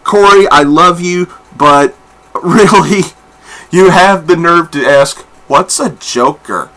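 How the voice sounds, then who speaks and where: Bright-voiced blunt comic reviewer, man. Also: high-pitched, slow. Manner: blunt and candid, swears freely; rambling with many fillers and restarts. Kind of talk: casual review monologue.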